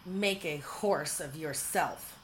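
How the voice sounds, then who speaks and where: A woman's voice: low-pitched, slow, a little hiss or hum. A woman voicing an impatient, scheming young woman who snaps and complains, in a storybook reading. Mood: snappish. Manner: snappish, petulant.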